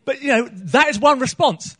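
A male preacher with a notably high voice delivers a sermon from a small church stage. He keeps it conversational and humorous, pausing to poll the congregation with questions. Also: expressive, sharp tone, breathy edge.

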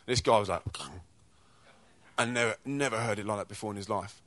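A British man preaching to young people, telling stories from his own life in a chatty, energetic way. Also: lowish voice, brisk, no room sound. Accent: British English. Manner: energetic, chatty storyteller who acts out quotes. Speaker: speaker at a youth church event. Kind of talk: testimony-style preaching with stories.

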